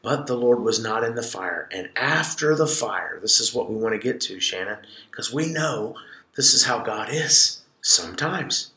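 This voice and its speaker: A man co-hosting a ministry podcast, teaching from scripture in an animated way and dramatizing the verses with shifting voice. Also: medium pitch, moderate pace, echoey room. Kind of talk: conversational Bible teaching.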